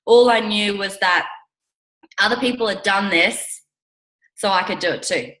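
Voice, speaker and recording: A woman with a husky morning voice, a little sick, giving an upbeat, chatty talk as a guest speaker on a conference call and often asking her listeners questions. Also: mid-range voice, unhurried, a bit bright, low-quality recording.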